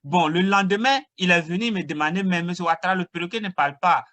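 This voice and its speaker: A man interpreting, recapping a told joke at quick speed. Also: high-pitched, bright, forceful tone. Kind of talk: retelling a joke in French.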